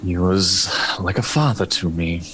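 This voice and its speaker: Deep slow-talking man playing his character. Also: a bit bright, a little hiss or hum, poor audio. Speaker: player. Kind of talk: playing a tabletop game in character.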